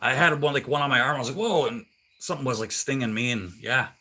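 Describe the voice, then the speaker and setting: A man's voice: mid-range voice, fast talker, bright, forceful tone. A man hosting a live stream while working on his truck. He chats with viewers in a rambling way, with lots of fillers. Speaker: livestream host working on a truck. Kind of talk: casual live-stream chat.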